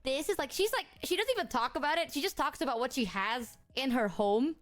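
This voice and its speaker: A young woman streamer telling a personal story in casual chat. She is animated, swears freely and fills her speech with "like". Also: high voice, brisk. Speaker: guest streamer.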